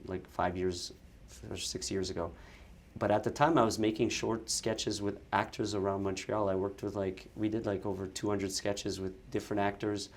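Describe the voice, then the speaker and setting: A man guest telling stories in a casual interview, lively, with quick bursts and frequent restarts. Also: lowish voice. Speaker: actor and content creator, guest.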